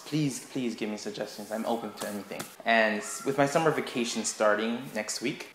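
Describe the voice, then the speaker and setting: Animated man explaining a classroom game. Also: lowish voice, a little hiss or hum. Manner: animated, acts out kids' voices. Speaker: English teaching assistant. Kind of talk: casual tutorial vlog. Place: school classroom. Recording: roomy classroom echo.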